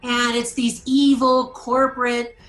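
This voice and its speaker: A woman co-hosting a casual movie review discussion, animated, acting out quotes as she talks. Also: fairly high pitch, slow pace, faint music behind, poor audio.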